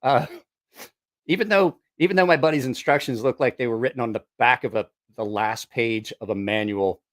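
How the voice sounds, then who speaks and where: A man's voice: mid-range voice, normal speed, fairly bright tone. A middle-aged man chatting casually on a vlog, rambling and swearing while he makes fun of himself as he tests gear. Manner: rambling, profane, self-mocking. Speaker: musician testing a voice effects box.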